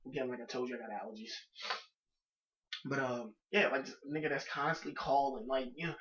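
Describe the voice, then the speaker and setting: A man hosting a casual solo podcast, ranting loudly and acting out other people's voices, sneezing now and then from allergies. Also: medium pitch, brisk, reverberant, highs cut off. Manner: loud animated storytelling, acting out other people. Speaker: podcast host.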